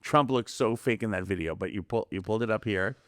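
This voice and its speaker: A man's voice: lowish voice, fairly quick, no room sound, clean studio sound. A man talking casually as a guest on a podcast, rambling from story to story and acting out the voices of people he quotes. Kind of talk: casual conspiracy podcast chat.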